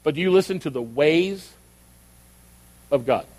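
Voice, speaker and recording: A man's voice: a little high, lively intonation, measured pace, darkish tone. An older man, a pastor, preaching a sermon in a conversational storytelling way that builds to emphatic questions. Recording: long reverb of a hall.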